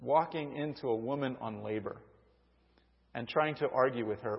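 A man's voice: medium pitch, normal speed, gravelly. A man preaching a sermon, reading scripture and acting out voices of those who question God. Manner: reads scripture, acts out quoted voices. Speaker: pastor. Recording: dull lo-fi audio with long hall reverb.

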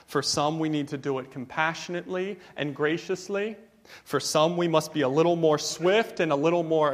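A man preaching a sermon as pastor, moving from hushed passages to loud, fervent exhortation. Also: a little high. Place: church sanctuary. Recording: long hall reverb.

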